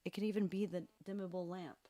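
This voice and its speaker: Woman hosting a live stream, lowish voice, chatty and playful, joking with viewers about her mic. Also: steady tone, fast talker, mellow. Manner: chatty and playful, laughing at herself. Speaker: livestream piano host. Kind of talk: casual chat with livestream viewers. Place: room at home. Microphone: studio microphone at varying distance.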